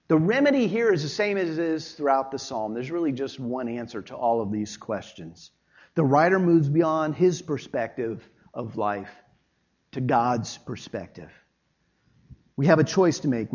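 A pastor preaching a sermon with emphatic delivery, rising loud then dropping low. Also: male voice. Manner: emphatic preaching, swinging between loud and quiet. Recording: dull lo-fi sermon recording.

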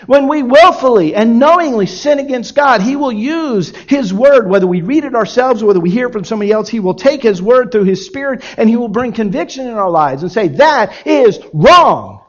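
Animated man preaching a sermon. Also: extremely high pitch, fairly quick, hardly any pauses, highs cut off. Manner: animated, acts out quoted voices in his examples. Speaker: pastor.

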